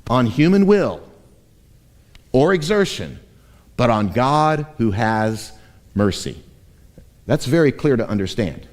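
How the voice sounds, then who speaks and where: A man's voice: medium pitch, darkish tone. A man preaching a sermon as pastor, reading scripture and acting out the voices of imagined objectors. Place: church sanctuary. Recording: long church reverb.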